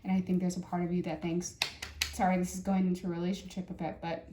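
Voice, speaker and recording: A woman giving a casual tarot reading in a chatty, halting way, full of fillers and restarts. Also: fairly low pitch, level tone, reverberant, noisy background. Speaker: tarot reader.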